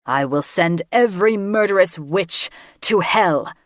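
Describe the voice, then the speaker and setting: A woman's voice: on the low side, expressive, unhurried, no echo, studio quality. A woman voicing a proud, enraged dragon king father who bellows his words. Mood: angry.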